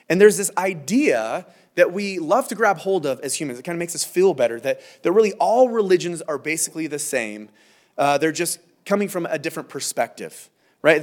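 Animated, earnest male pastor preaching. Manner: earnest, emphatic, drops to a low hush on key points. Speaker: lead pastor. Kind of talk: verse-by-verse sermon.

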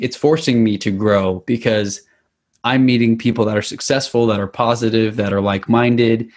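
An American man with an upbeat, enthusiastic manner, chatting casually as a podcast guest over a video call. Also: fairly low pitch. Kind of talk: casual chat.

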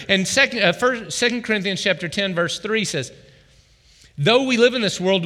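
A man preaching a sermon as pastor, animated and calling out questions to his congregation. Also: high voice, in a large hall.

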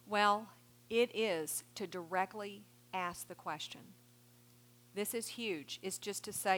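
A woman's voice: mid-range voice, takes it slowly, slight background noise. A middle-aged woman giving a Christian counseling seminar talk, earnest, quoting scripture and taking questions. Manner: earnest, warm advice with quoted scripture.

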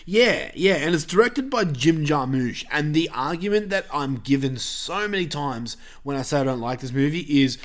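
A man's voice: a little high, expressive, normal speed, few pauses. Man, podcast host, casual film chat, blunt, sweary. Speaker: podcast host reviewing films.

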